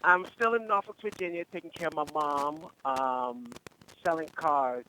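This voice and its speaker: A man calling in to a talk show, speaking softly and rambling a little. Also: fairly high pitch, normal speed, low-quality recording. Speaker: caller.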